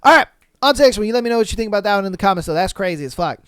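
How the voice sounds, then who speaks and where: A man hosting a podcast, reading posts aloud and reacting bluntly in slangy talk with loud exclamations. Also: sits high, animated, very fast, smooth, no room sound, clean studio sound. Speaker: podcast host.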